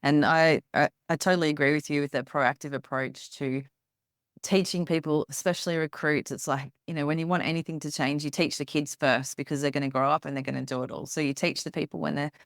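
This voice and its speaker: A woman's voice: low voice, steady tone, fairly quick, dry recording, studio quality. A woman hosting a podcast interview, earnestly agreeing with her guest and asking follow-up questions. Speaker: podcast host. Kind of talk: interview conversation.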